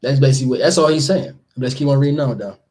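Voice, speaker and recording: A man casually explaining scripture, animated and laughing, acting out the people he talks about. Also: medium pitch, very fast. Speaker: teacher leading scripture study.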